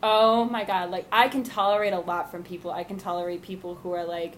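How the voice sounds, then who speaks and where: A woman's voice: on the low side, flat delivery, a little fast. A young woman co-hosting a podcast, chatting casually and frankly, swearing freely and saying "like" a lot. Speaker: podcast co-host. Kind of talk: casual chat.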